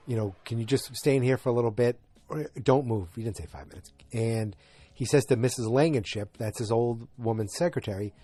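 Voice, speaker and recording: A podcast host from north of Boston, Massachusetts, with a slight Boston accent, recaps a TV episode in a rambling, casual way full of jokey asides. His medium-pitched voice has a dark tone, heard at normal speed with no echo.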